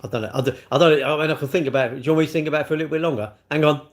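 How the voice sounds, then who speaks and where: A man's voice: on the high side, steady tone, very fast. Rambling, jokey man. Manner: rambling, jokey, self-deprecating. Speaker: livestream host. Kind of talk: casual chat reading live comments.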